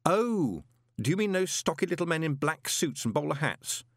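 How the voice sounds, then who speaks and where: A man's voice: fairly high pitch, very animated, moderate pace, no echo, clean studio sound, voice pushed up. A man voicing a theatrical, easily panicked young male conman. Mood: wary. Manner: screaming, theatrical.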